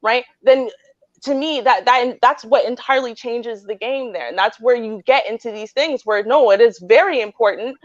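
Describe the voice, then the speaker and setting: A married woman hosting a relationship advice debate earnestly lays out her view on relationships, often checking in with "right?" Her voice is fairly high and her speed normal, in a dry, lo-fi recording.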